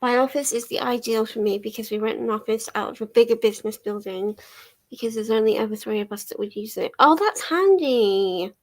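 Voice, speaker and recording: Chatty young woman, fairly high voice. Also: a little fast, darkish tone. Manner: chatty, laughs often, swears casually. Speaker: livestream host. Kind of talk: casual chat while reading chat aloud. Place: home living room.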